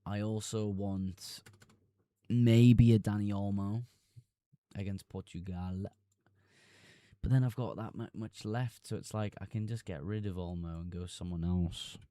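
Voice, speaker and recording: A man's voice: low voice, steady tone, normal speed, warm tone, dry recording, clean studio sound. A young man streaming live, reading chat messages aloud and answering them casually.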